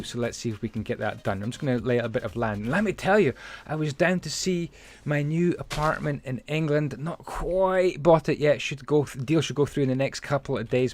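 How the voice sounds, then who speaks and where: Chatty man narrating a building game. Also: mid-range voice. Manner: rambling, chatty, many fillers and asides. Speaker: Minecraft building channel host. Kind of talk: casual building commentary and storytelling.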